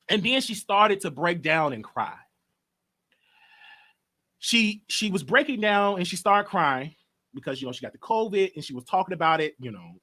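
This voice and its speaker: A man's voice: high voice, sharp tone. A man hosting his own gossip show, rambling and repeating himself as he recaps what he overheard for his viewers. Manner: reports overheard talk to viewers. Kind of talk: casual gossip commentary.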